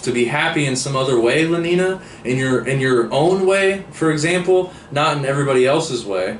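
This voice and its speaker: A man's voice: medium pitch, expressive, brisk, natural voice. A man reading aloud the lines of an earnest man who questions his companion, from a novel. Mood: probing. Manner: read aloud from a novel, lightly raised. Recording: roomy echo, distant mic, faint hiss.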